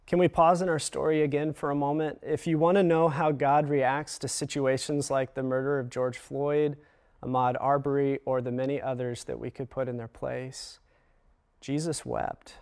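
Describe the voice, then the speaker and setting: A man giving a chapel sermon in an earnest, measured way, slowing down for emphasis and pausing often. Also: medium pitch, little pitch movement, a little mellow, smooth. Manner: earnest, measured, with slow dramatic pauses. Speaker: chapel speaker.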